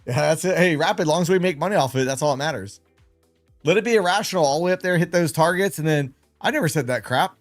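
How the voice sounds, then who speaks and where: This man's voice is a little high and fast, with faint music behind it. As host of a late-night trading livestream, he chats casually, rambling and mocking himself.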